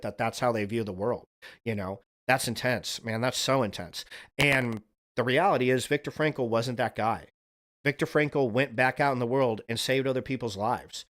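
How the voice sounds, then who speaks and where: A man's voice: mid-range voice, fairly bright tone. A man hosting a livestream, talking in a casual, earnest, rambling monologue and swearing now and then. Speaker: livestream host.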